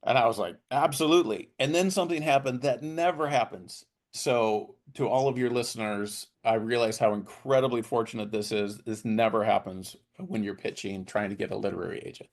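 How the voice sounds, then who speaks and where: A middle-aged man, a guest author, telling his story in a podcast interview and lively acting out the people he quotes. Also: fairly low pitch. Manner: animated storyteller who acts out quoted voices.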